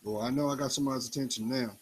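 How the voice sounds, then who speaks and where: A man giving an emphatic motivational talk in a preachy style, swinging his pitch up and down for effect. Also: fairly even intonation, rapid-fire, slightly rough, poor audio. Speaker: motivational speaker.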